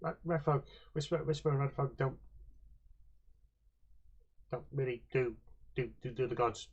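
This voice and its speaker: A man voicing Whisper, a small shy creature who speaks in halting, repetitive broken phrases. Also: medium pitch, a little mellow, slightly rough, muffled recording. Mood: solemn.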